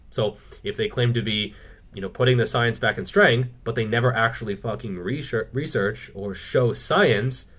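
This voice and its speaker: A man hosting his own fitness channel, answering viewer questions in a casual, blunt, opinionated way and swearing freely. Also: mid-range voice. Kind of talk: casual Q&A monologue.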